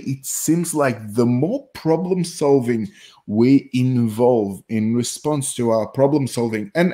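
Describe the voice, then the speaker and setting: A man's voice: medium pitch, mellow. A man speaking as a psychologist guest, explaining ideas in a thoughtful way that often stops and restarts. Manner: thoughtful, self-interrupting, laughs at his own jokes. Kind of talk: explanatory conversational talk.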